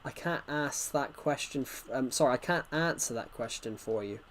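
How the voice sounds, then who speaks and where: A man's voice: mid-range voice, moderate pace, fairly bright tone. A man streaming gameplay live, rambling chattily and answering chat messages, his nose bothered by hay fever.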